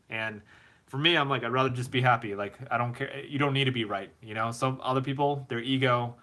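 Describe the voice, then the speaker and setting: A man's voice: medium pitch, sharp tone. A man hosting a live stream Q&A, giving casual advice and reading chat messages aloud, rambling with fillers and repeated words. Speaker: host.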